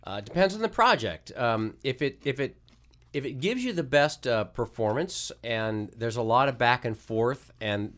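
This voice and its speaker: A voice actor guest in casual chat, a man answering questions in a relaxed, thoughtful way with frequent restarts. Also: mid-range voice, moderate pace.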